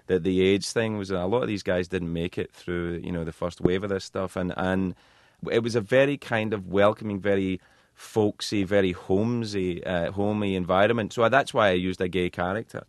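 Man, deep voice, self-deprecating storyteller, dry studio sound, radio interview. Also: steady tone, moderate pace, dry recording. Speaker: talk show host as guest.

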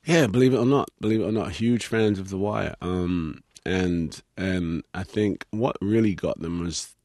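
British man with a very low voice, easygoing interview guest who laughs often and drifts through "um"s as he tells stories. The sound is dry and close, with no room around it. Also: moderate pace, dry recording. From Britain. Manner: laughs easily, relaxed storytelling with many fillers. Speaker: actor guest. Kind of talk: casual interview chat.

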